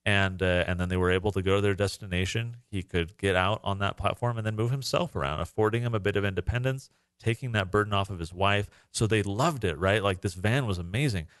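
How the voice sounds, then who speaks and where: A man's voice: fairly low pitch, brisk, hardly any pauses, a bit bright, no room sound, studio quality. A man, a parent, co-hosting a podcast, telling a story in a casual, earnest and emotional way with many fillers. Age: adult parent. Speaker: podcast co-host.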